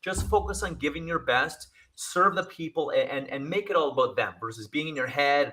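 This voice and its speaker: A man's voice: fairly high pitch, expressive, a little fast, hardly any pauses, sharp tone. A man working as a communication coach, giving advice in an interview with energy, stressing and repeating his key phrases.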